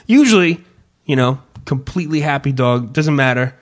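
A man on a podcast telling a long story in casual chat, swearing freely and mocking himself, and shouting the lines he quotes. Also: mid-range voice, moderate pace. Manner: profane, self-mocking storyteller who yells his own quotes. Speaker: podcast host.

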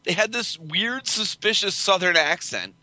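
A man's voice: high-pitched, animated, a little slow, bright, forceful tone, poor audio. A man co-hosting a podcast, dropping wry, playful remarks in casual chat.

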